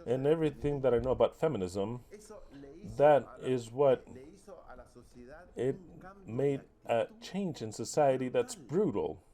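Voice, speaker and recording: Fiery, mellow-voiced male preacher. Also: mid-range voice, lively intonation, unhurried, long pauses. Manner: heated, mocking, with rhetorical questions and cursing. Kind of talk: impassioned sermon.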